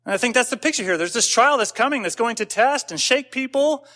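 A man's voice: extremely high pitch, lively intonation, brisk, sharp tone. A man pastor giving a conversational sermon, telling stories with casual asides and building to emphatic points.

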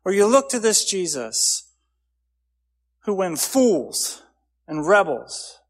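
A man preaching with a slightly higher voice than most, earnest and driving. He builds his phrases up loudly, then drops to a low, quiet close. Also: big pitch swings, takes it slowly. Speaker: pastor. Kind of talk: sermon.

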